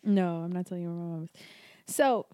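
A woman's voice: lowish voice, normal speed, mellow, no room sound, studio quality. A woman co-hosting a podcast, playful, teasing and profane in casual chat. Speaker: podcast co-host.

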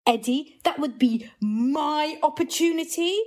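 A woman comedian appears as a podcast guest, her voice somewhat high. She riffs in a playful, quick-witted way throughout the casual chat. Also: darkish tone.

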